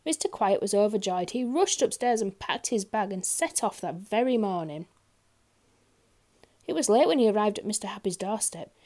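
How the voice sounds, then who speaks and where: A woman reading a children's picture book aloud, expressive and talking directly to young listeners. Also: mid-range voice, normal speed. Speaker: storyteller. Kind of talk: children's story read-aloud.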